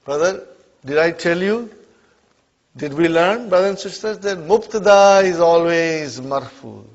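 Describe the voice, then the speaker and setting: Man teaching a class, drilling replies. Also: on the high side. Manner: drills call-and-response, repeats checks like "are you with me". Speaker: Arabic teacher. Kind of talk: classroom lesson. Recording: muffled lo-fi classroom recording.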